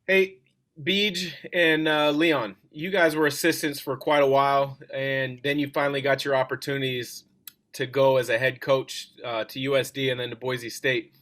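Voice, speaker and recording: A man's voice: medium pitch, level tone, normal speed, fairly bright tone. Male co-host, easygoing, steering the talk with questions. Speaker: podcast co-host asking questions. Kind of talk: casual podcast conversation.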